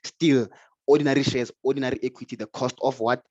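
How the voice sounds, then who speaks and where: A man's voice: mid-range voice, steady tone, fast talker, a little mellow, no room sound. A man lecturing on finance who keeps asking "right?" and answers his own questions, often repeating words as he starts. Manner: stumbles and repeats words when starting phrases. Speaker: finance tutor. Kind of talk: explanatory lecture. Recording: dull, lo-fi, dry sound.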